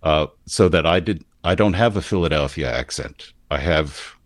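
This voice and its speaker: Man, standard American accent, deep, measured, explanatory, dry recording. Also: no echo. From United States. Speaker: commentator. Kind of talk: casual discussion.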